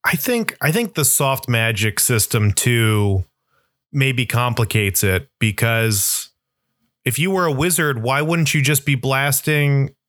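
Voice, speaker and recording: A man co-hosting a podcast in casual chat, rambling and animated, full of restarts and "like". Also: mid-range voice, takes it slowly, dry recording, studio quality. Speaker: podcast co-host.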